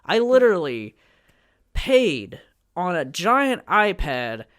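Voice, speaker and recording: A man's voice: high-pitched, big pitch swings, slow, fairly bright tone. A man co-hosting a casual podcast, chatty and rambling as he recounts food outings. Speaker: podcast co-host.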